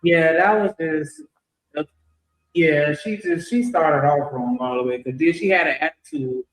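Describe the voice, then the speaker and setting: A man's voice: a little high, a little slow, reverberant, rough recording. A man doing reaction commentary on a call, mocking the question in disbelief. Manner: mocking, incredulous.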